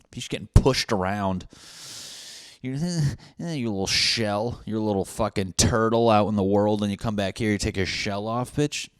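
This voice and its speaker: A man's voice: on the low side, steady tone, fairly quick, clean tone, no echo, studio quality. A young man hosting a solo podcast from his apartment, talking in a brash, joking, profane way. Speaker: podcast host. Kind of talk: casual solo podcast monologue. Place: apartment room.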